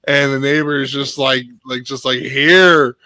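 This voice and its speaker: A man's voice: mid-range voice, little pitch movement, normal speed, sharp tone, dry recording. A man in his thirties telling rambling anecdotes in casual chat, full of fillers.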